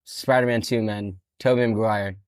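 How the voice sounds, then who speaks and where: A man's voice: fairly low pitch, steady tone, moderate pace, a little mellow, dry recording, studio quality. A young man co-hosting a podcast, laid-back and enthusiastic, using lots of casual slang. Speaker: podcast co-host. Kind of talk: casual chat.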